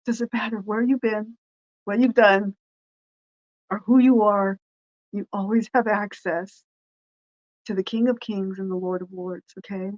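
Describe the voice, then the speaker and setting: A woman's voice: medium pitch, steady tone, a little slow, pauses often, a little mellow, muffled recording. A woman pastor and podcast host giving an informal devotional talk, rambling and earnest, with frequent restarts and fillers.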